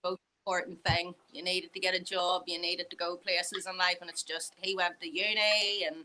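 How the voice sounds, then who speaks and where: A woman's voice: lowish voice, flat delivery, moderate pace, pushed and bright, rough recording. A young woman with a mixed Northern Irish accent, chatting casually and rambling with easy laughs. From Northern Ireland. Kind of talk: casual chat.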